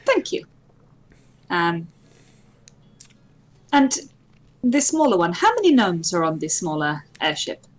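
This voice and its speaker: A woman's voice: lowish voice, very animated, unhurried, pauses often. A woman playing her character in a tabletop game, talking casually and playfully and swearing freely. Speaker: player.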